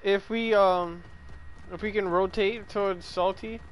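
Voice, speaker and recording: A man's voice: sits high, fairly even intonation, a little slow, a little hiss or hum, rough recording. A young man streaming a video game, trash-talking and joking with friends over voice chat. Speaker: gaming channel streamer. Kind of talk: casual gaming chat.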